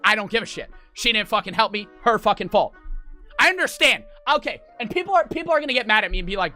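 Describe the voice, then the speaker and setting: Young adult man, streamer; profane, heated storytime rant with a bright, forceful voice. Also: high voice, big pitch swings, fast, soft background music. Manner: profane, fired-up ranting.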